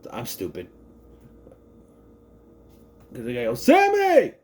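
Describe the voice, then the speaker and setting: A man reviewing a film in a loose, unscripted way, his pitch swinging up and down a lot as he talks. He rambles, restarts sentences and corrects himself mid-thought. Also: lively intonation, unhurried, darkish tone. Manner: rambling, self-correcting, thinks aloud with many restarts. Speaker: movie reviewer. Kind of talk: casual spoken movie review.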